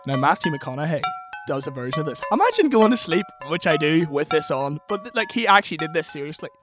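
A man's voice: on the high side, sing-song, quick pace. A young man with a Northern Irish accent, chatting casually as a singer-songwriter guest, laughing often and poking fun at himself. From Northern Ireland. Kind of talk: casual chat. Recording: music playing behind the voice.

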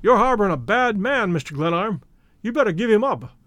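A man voicing an indignant, thick-set English detective who speaks in a high key, read aloud as part of a story. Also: very animated, a little fast, a bit bright, no room sound. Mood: blustering. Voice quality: high-pitched, blustering.

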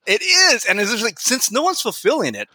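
A man's voice: extremely high pitch, huge pitch swings, brisk, pushed and bright, husky, no echo. A middle-aged man chatting as a guest in an interview, rambling with many fillers and chuckling. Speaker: guest author. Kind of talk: casual interview chat.

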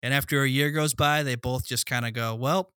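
A man's voice: mid-range voice, steady tone, brisk, bright, forceful tone, clear, resonant tone, no echo, studio quality. A man co-hosting a podcast, retelling a film plot with sardonic, profane asides. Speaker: podcast co-host recapping a film. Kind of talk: casual storytelling recap.

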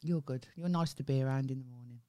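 A woman's voice: very deep voice, quick pace, warm tone. A woman co-hosting a comedy podcast, chatting casually, bickering, teasing back and swearing. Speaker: podcast co-host. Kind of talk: casual chat.

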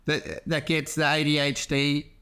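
High-voiced, laughing comedian. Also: male voice, completely flat delivery, measured pace, sharp tone, clean tone. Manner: rambling, laughing and swearing. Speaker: comedian and podcast host. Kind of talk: casual podcast chat.

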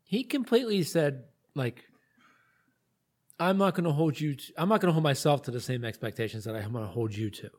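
Woman co-host, husky voice, profane and enthusiastic, repeats herself. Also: extremely low pitch, lively intonation, fairly quick, darkish tone. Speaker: podcast co-host. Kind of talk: casual chat.

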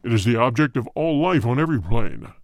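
A cold, hard spirit , put on by a male reader, speaks in a deep voice for an audiobook ghost story. It answers tersely and aloofly, and it rises and falls widely in pitch. The recording is dry and close. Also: very animated, fairly quick, dry recording. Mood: cold, solemn. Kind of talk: audiobook reading.

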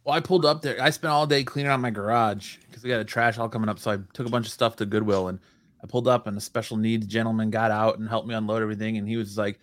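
A man's voice: lowish voice, steady tone, fast, fairly bright tone. A man co-hosting a podcast, telling wry, laid-back stories in casual chat. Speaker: podcast co-host.

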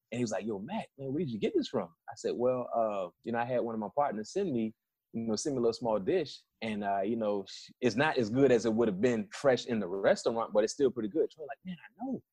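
A middle-aged man from South Florida, a former football player, telling lively stories in a casual interview and acting out the quotes. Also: mid-range voice, slightly rough, no echo. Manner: animated, repeats and restarts, acts out quotes.

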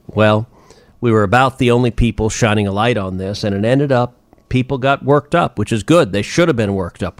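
Indignant, low-voiced male senator hosting a podcast. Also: no room sound. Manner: emphatic, indignant, repeats phrases for force. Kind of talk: political commentary podcast.

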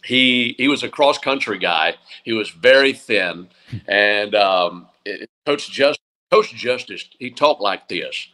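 A sports broadcaster in his forties, talking as a guest in an interview, reflective and often pausing to restart his sentences. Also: on the low side, lively intonation, sharp tone, rough recording. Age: 40s. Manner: reflective, with frequent restarts and fillers. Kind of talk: interview conversation.

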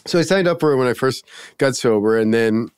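A man in casual conversation, telling a story in a rambling, halting way. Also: medium pitch, clear, resonant tone, no room sound, clean studio sound. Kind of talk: casual chat.

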